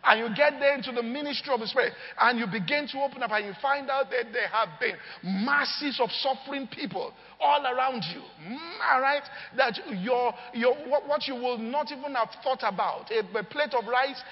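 A man's voice: very high-pitched, normal speed, few pauses. A man preaching a sermon, telling stories with energy and often asking the crowd if they follow him. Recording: long hall reverb, dull lo-fi sound.

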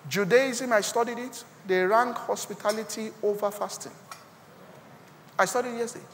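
A man with a Nigerian accent preaching a sermon as pastor, swinging from quiet asides to loud, rising exclamations. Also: sits high, normal speed, long pauses, big-room sound, slight background noise. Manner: preaching with sudden loud rises and quiet drops.

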